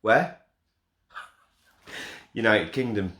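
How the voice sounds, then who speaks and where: A man's voice: lowish voice, animated, very slow, a bit bright. Guy hosting a stream from his front room, jokey and rambly, bit of room echo. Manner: jokey, self-deprecating, rambling. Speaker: festival host announcing winners. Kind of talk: casual live-stream hosting.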